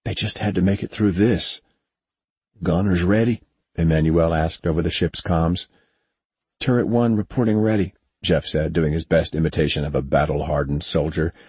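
Male audiobook narrator, low and husky, even unhurried read. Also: no room sound.

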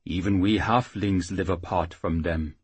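A man voicing a small, solemn male halfling high priest who speaks formally and slowly. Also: fairly even intonation, slightly rough, no room sound. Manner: formal, grave, slow.

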